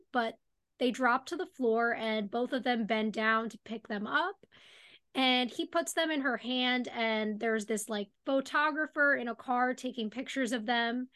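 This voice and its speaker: A woman's voice: a little high, bright, forceful tone. A woman co-hosting a podcast, chatting casually about a TV episode and filling her talk with "like". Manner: chatty, lots of "like". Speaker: podcast co-host. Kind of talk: casual recap chat.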